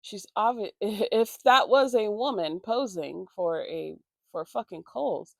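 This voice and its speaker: A woman vlogger telling an animated, profane, rambling story in a casual storytime while getting ready for work at home. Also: mid-range voice, slow, gravelly, no echo, studio quality.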